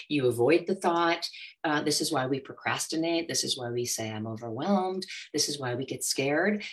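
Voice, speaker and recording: A woman who is a money coach, speaking as a guest in an interview and acting out inner voices with animated energy. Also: low-pitched. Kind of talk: motivational interview talk.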